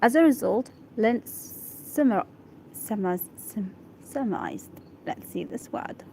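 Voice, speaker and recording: Woman, Arabic native speaker, reading aloud, slow, halting, repeats hard words, faint background noise. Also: on the high side, lively intonation, darkish tone. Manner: stops to check her own pronunciation. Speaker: English learner reading aloud. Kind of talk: reading an article aloud for practice.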